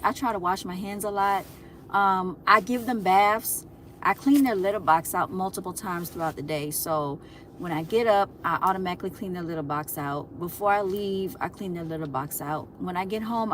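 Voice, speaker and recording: A woman's voice: medium pitch, fairly bright tone, slight background noise. A woman hosting a casual livestream, chatting to her viewers, laughing often and calling them y'all. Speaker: livestream host.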